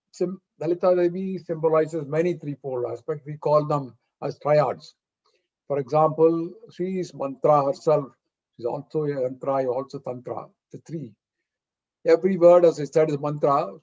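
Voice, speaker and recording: A man's voice: on the high side, unhurried, a little mellow. A man giving a devotional lecture in earnest, patiently explaining terms and posing rhetorical questions, heard over a video call. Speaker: spiritual discourse speaker. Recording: muffled, slightly lo-fi sound.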